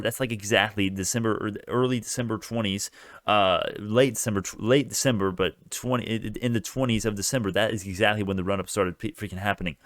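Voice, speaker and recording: A man's voice: fairly low pitch, quick pace, fairly bright tone, dry recording, studio quality. Agitated man ranting over stock clips. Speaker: stock channel host. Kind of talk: heated reaction commentary.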